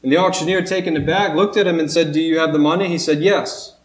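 A man preaching a sermon, telling a story earnestly with slow, emphatic pauses. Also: fairly high pitch, fairly even intonation. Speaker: pastor. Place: church sanctuary. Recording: echoey church room.

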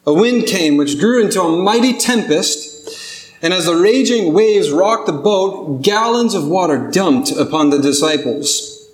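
A man's voice: high voice, animated, a little slow. A man preaching a sermon, earnest and building to pleading intensity. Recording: echoey room.

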